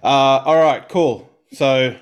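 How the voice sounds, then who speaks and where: A man's voice: mid-range voice, takes it slowly, clear, resonant tone. A young man hosting a casual sports podcast, reading out game picks with lots of exclamations and groans. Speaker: podcast host.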